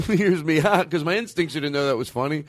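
A man's voice: fairly high pitch, normal speed, no room sound, clean studio sound. A man co-hosting a podcast in casual banter, joking and rambling, swearing often. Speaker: podcast co-host.

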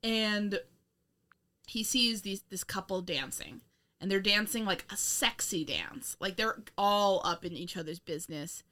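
A woman's voice: medium pitch, unhurried, pushed and bright. A young woman co-hosting a casual film review chat, rambling, laughing often and swearing with sarcastic asides. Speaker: podcast co-host.

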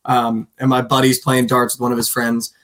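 In a mid-range, monotone voice that's a bit bright and moderately paced, a twenty-something podcast co-host tells stories on his sports betting show. He rambles casually, stuffing his talk with fillers and plenty of "like" and "dude."

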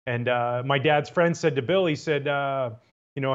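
A man's voice: mid-range voice, slow. A man hosting a casual interview, eager and rambling through his questions, often repeating words. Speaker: podcast host, former pitcher. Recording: dull lo-fi sound.

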